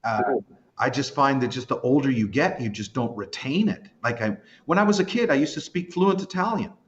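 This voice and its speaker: His voice is medium-pitched and brisk, with the highs cut off in the recording. He's a Canadian podcast guest in his fifties, rambling in casual chat, poking fun at himself and telling lively stories.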